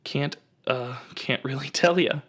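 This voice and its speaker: A man's voice: mid-range voice, measured pace, a bit bright. A man in his twenties from the United States, hosting a casual comedic rant and rambling through his stories with plenty of fillers. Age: 20s. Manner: rambling storytelling, lots of fillers. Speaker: host.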